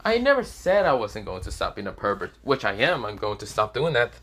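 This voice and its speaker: A man's voice: on the low side, wildly swooping pitch, brisk, fairly bright tone, full character voice. A man doing a cocky, teasing young man. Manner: casual, teasing.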